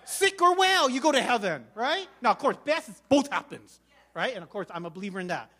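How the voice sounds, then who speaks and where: A man from Korea, a pastor preaching a sermon through an animated personal story, acting out quotes and repeating words as he goes. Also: very high voice, a little fast.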